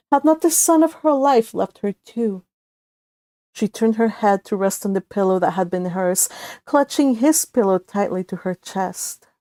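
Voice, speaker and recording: Woman storyteller, mellow, emotive reading, dry close sound. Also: mid-range voice, dry recording. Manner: soft, emotive, with occasional self-corrections. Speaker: fanfic author and reader. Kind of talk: storytelling narration.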